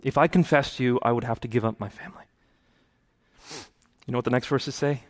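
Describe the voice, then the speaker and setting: A man's voice: medium pitch, fairly even intonation, a little fast. A man giving a sermon about his own conversion, telling it earnestly and rising to impassioned preaching. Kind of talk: testimony sermon.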